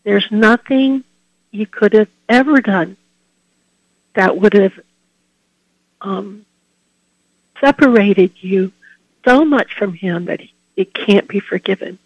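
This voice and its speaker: Earnest male preacher, unhurried delivery, heartfelt devotional talk with soft trailing endings, dull lo-fi sound. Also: high-pitched, dry recording. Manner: earnest and heartfelt, trailing off softly at phrase ends. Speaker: Catholic preacher giving a Lenten reflection.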